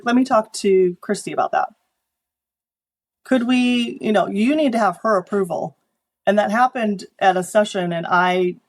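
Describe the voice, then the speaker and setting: Woman photographer telling lively work stories. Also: medium pitch. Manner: animated storytelling, acting out quoted people. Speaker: corporate photographer guest. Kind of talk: conversational interview.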